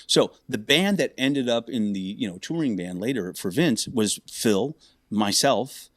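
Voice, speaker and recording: A middle-aged man, a bassist and podcast guest, telling stories in a casual, animated way. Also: a little slow, no echo, clean studio sound. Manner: animated, acts out other people's lines. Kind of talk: casual storytelling.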